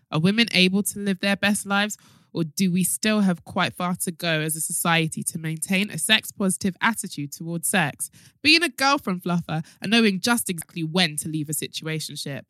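A woman with a fairly low voice reads a scripted promotion for her own book. She sounds measured and emphatic, leaning into each question. The recording is dry and close, with no room around it. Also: fairly bright tone, no room sound.

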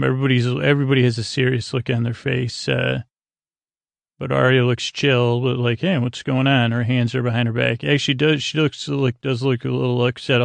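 Gravelly rambling podcast host. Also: male voice, medium pitch, dry recording. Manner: rambling, many fillers and restarts. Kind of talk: casual episode recap.

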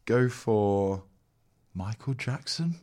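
Male co-host, lower voice, relaxed, chatty with fillers. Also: slow pace. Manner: laid-back, many fillers and agreeing murmurs. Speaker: podcast co-host. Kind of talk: casual comedy chat.

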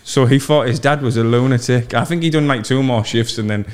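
A young man hosting a casual podcast, telling animated stories and mimicking voices. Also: medium pitch, fairly quick, smooth. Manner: animated storyteller, mimics voices in his anecdotes. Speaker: podcast host. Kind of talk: casual chat, storytelling.

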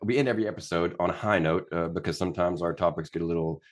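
A man co-hosting a podcast, chatting in a relaxed, friendly, rambling way. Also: sits low, racing. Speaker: podcast co-host. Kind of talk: casual interview chat.

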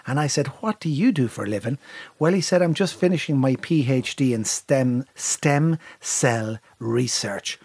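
A man's voice: medium pitch, normal speed, husky, no room sound. An Irish man co-hosting a podcast, chatting casually and telling a swearing, comic story. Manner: storytelling, swearing, lively impressions. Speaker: podcast co-host. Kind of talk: casual comedic chat.

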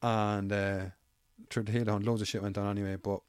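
A man's voice: on the low side, level tone, a little fast, darkish tone, clean tone, dry recording. An Irish man, an amateur MMA fighter, telling stories in casual, rambling, swear-heavy chat. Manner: swears freely, rambling anecdotal.

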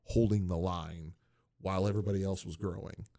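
A man's voice: deep voice, fairly even intonation, a little fast, vocal fry, mellow, no room sound, studio quality. A man in casual chat, animatedly retelling cartoon scenes, laughing often and mimicking characters.

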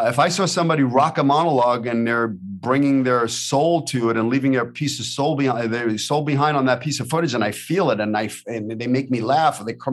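A man hosting a casual podcast interview. He talks in an upbeat, encouraging, coach-like way, full of motivational advice. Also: medium pitch. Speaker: podcast host.

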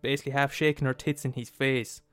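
A man's voice: medium pitch, steady tone, fast, a bit bright, clean tone, no room sound. Profane man ranting on a podcast. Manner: profane, emphatic, laughs at his own points. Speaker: podcast host. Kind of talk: comedic rant.

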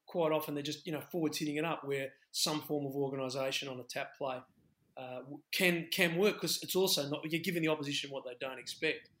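Halting Australian man, former rugby coach. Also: fairly high pitch, fairly even intonation, fairly bright tone. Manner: halting, many restarts, reflective. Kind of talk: podcast discussion.

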